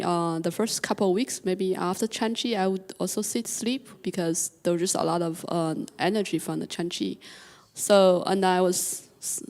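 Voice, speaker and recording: A woman's voice: lowish voice, a little mellow. A woman in the audience answering her teacher in a hesitant way, with many fillers. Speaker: student in the audience.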